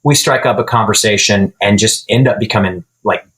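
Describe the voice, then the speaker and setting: A man who builds guitars, a podcast guest telling a long story in a relaxed, chatty way. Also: lowish voice, brisk, low-quality recording. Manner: relaxed storyteller who acts out quoted dialogue. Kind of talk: casual storytelling interview.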